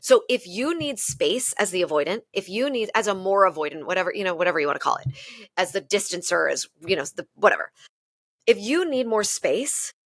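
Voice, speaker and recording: A woman's voice: mid-range voice, a little fast, dry recording. Dry-sounding woman telling candid stories. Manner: open, animated storytelling with self-deprecating laughs. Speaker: guest relationship expert. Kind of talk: candid podcast conversation.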